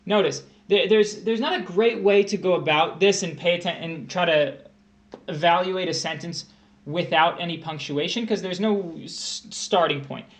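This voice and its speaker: A man's voice: high-pitched, moderate pace. A young man tutoring test prep on a livestream, walking through a grammar question and thinking aloud with restarts.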